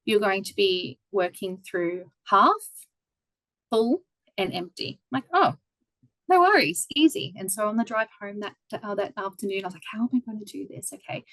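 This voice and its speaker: Casting: Australian woman in her thirties, animated storyteller, video call guest, dry close sound. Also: medium pitch, normal speed, no room sound, poor audio. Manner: lively, animated storyteller who acts out quoted voices. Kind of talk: casual storytelling interview.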